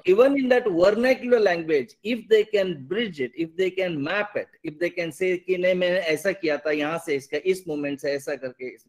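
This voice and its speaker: A man's voice: high-pitched, racing, few pauses. A man with an Indian English accent, interviewing eagerly, agreeing often and searching for words. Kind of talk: interview conversation.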